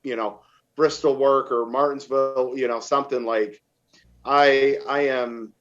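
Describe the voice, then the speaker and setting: A man's voice: medium pitch, steady tone, a little slow, fairly bright tone, dull audio. A man hosting a casual podcast, talking eagerly and at length. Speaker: podcast host. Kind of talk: casual chat.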